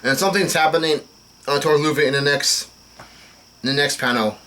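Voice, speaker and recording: A man's voice: fairly high pitch, brisk, sharp tone. A young man casually reading comic dialogue aloud and commenting, with many fillers and restarts as he goes. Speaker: manga reaction host.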